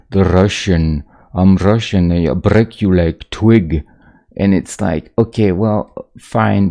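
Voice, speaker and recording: Low gravelly-voiced man chatting. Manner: rambling, halting, full of restarts, gets animated. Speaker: pixel art streamer. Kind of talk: casual chat while drawing on stream.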